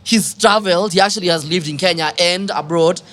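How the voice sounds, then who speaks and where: A woman's voice: on the low side, brisk, fairly bright tone. A woman with a South African accent hosting a podcast interview, chatty and teasing, with frequent laughter. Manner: bubbly, laughs often, teasing. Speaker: podcast host. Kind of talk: casual interview chat.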